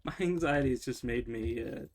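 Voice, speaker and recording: While streaming his game, a man comments casually, rambling and frequently correcting himself. His voice is medium-pitched at a normal speed, with slight background noise.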